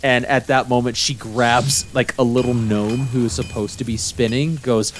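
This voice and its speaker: A man narrating as game master, animated and laughing often. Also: mid-range voice, a little slow, slight background noise.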